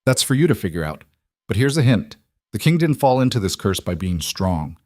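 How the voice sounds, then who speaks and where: A man's voice: on the low side, a little fast, dry recording, studio quality. A man voicing a cryptic female water creature. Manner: calm, cryptic, teasing. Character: mysterious female water creature, calm, cryptic, half-scaled.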